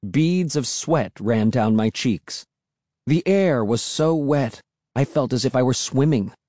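A man reading a first-person story aloud, with an expressive, animated delivery. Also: mid-range voice, slow pace, dry recording, clean studio sound. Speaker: audiobook narrator.

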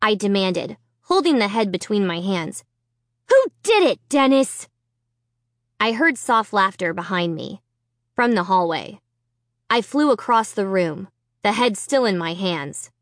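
A woman narrating a children's story in first person, with an expressive, dramatic reading. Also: medium pitch, measured pace, dry recording, clean studio sound. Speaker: audiobook narrator.

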